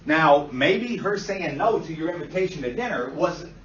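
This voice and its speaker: Blunt, animated man lecturing in an echoey room. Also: fairly high pitch, normal speed. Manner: blunt and animated, swears, acts out client voices. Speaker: instructor. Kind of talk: classroom lecture. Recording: far-off echoey lo-fi classroom recording.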